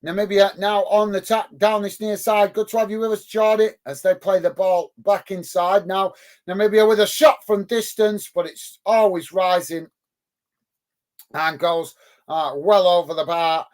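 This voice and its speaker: Guy, pretty high voice, running a footy watch-along, calls the match and chats to viewers, upbeat. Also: fairly even intonation, normal speed. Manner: upbeat, thanks chat viewers warmly by name. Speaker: host of a football watch-along. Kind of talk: live match commentary and chat reading. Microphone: close mic on a headset.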